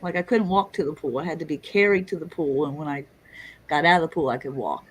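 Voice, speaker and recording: A middle-aged woman telling a story in casual chat, lively and swearing, acting out the people she quotes. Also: sits low, fast, slightly rough, low-quality recording. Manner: animated, swearing, acts out quotes. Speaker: guest storyteller.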